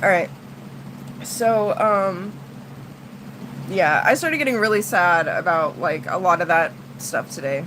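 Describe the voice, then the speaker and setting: A woman's voice: on the low side, takes it slowly, pauses often, background noise. A woman streamer venting to her chat, blunt and profane, swinging between heated outbursts and tired sighs. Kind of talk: casual livestream venting.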